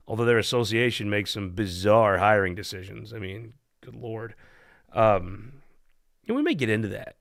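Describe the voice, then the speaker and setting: A political talk show host with a mid-range, fairly bright voice chats casually and tells jokes. His manner is irreverent and rambling, and he laughs at his own jokes.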